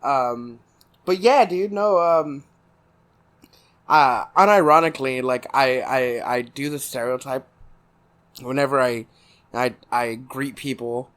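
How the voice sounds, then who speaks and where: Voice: medium pitch, takes it slowly, pauses often, a bit bright. A podcast co-host with a Texan accent in casual chat, laughing often, swearing freely and rambling loosely.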